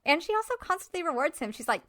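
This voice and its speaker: Animated woman film-podcast co-host. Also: high voice, fast, dry recording, clean studio sound. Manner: animated, frustrated critique with frequent "like" fillers. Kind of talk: casual film discussion.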